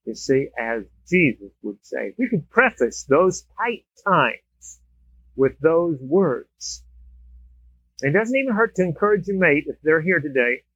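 Bright-voiced male preacher, lo-fi. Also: measured pace, breathy edge, no echo. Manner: storytelling, animated swings in pitch and volume. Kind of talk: sermon with humorous illustrations. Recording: dull, lo-fi dry recording.

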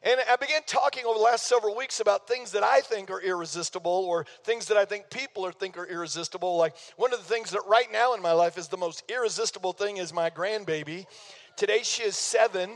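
A man's voice: high voice, fast. An older man, preaching a sermon as pastor in a folksy, playful way. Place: church sanctuary. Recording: long reverb of a church hall.

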